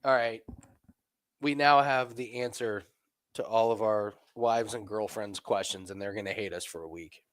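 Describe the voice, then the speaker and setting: A man hosting a live sports betting stream, chatting casually, joking, repeating catchphrases and breaking into loud laughter. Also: lowish voice, fairly even intonation, normal speed. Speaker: sports betting show host.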